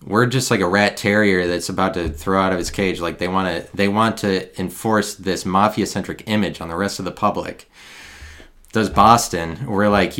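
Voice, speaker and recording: A man from the American Midwest giving a rambling, digressive solo monologue into a handheld recorder, halting and sardonic by turns. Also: low-pitched, a bit bright.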